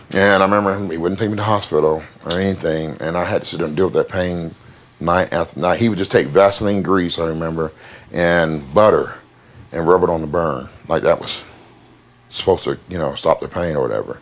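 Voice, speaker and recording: A man in an interview, speaking plainly and haltingly about his past, with many fillers and repeated words. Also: low voice. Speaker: interview guest. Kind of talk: candid interview storytelling.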